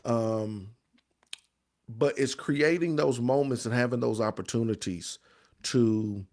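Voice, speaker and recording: Gravelly man talking grief with viewers. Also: mid-range voice, slow, darkish tone. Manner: repetitive, emphatic, preacherly, reads out viewer comments. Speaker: host of a grief support show. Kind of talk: live-stream talk to viewers.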